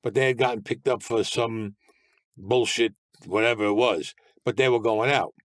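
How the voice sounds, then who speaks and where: A man tells his past in a blunt, streetwise way, laying out events plainly in present tense. His pitch sits in the middle for a man, and the sound is dry and close to the mic. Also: normal speed, a bit bright, dry recording. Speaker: guest. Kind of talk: storytelling interview.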